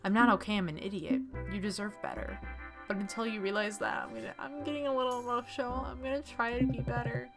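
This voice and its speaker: A woman's voice: medium pitch, a little fast, creaky, close to an everyday voice. A woman reading aloud the lines of a remorseful divorced father in a visual novel, earnest and apologetic, with music playing underneath. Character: remorseful divorced father, middle-aged man.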